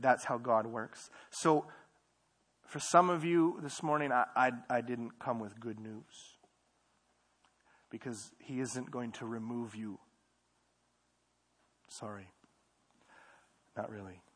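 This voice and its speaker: A young man preaching a casual, conversational sermon in a church service, repeating phrases and moving between quiet asides and louder emphasis. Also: medium pitch. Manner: conversational, repeats himself, swings between soft and loud. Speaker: pastor.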